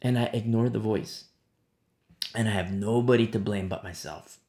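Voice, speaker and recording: A man preaching a sermon in a relaxed, storytelling way, often saying "you know". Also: fairly low pitch, moderate pace, echoey room.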